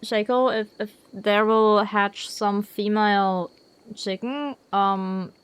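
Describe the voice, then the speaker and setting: A woman streamer chatting casually during a game, talking slowly with lots of repeated words and giggles. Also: medium pitch, fairly even intonation, clean tone, no room sound.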